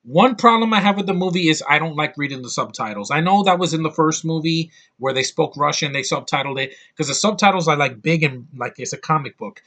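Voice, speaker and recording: A man's voice: fairly high pitch, lively intonation, brisk, few pauses, fairly bright tone. An American man giving a blunt, heated movie review in a rambling casual rant, often restarting his sentences. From United States.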